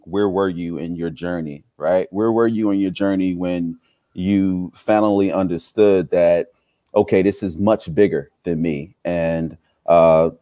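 A man's voice: sits low, dark tone, no room sound, clean studio sound. A man hosting a podcast, asking reflective questions in a casual interview. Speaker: podcast host.

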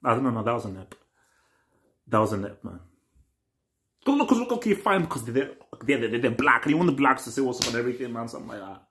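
A young man hosting a casual TV reaction video. He rambles and repeats himself, swinging between excited bursts and low mutters. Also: fast. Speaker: reaction channel host.

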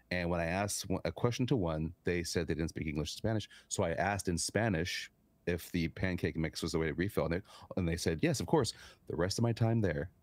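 A low-voiced man from California co-hosts a podcast, recorded with no echo. He tells stories in a relaxed, chatty way and often repeats words as he gets a thought going.

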